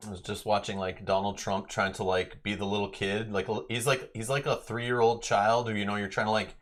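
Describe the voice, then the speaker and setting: A man's voice: fairly low pitch, flat delivery, brisk. A Canadian man co-hosting a live stream, chatting casually and rambling, often laughing. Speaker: stream co-host. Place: home room, Canada.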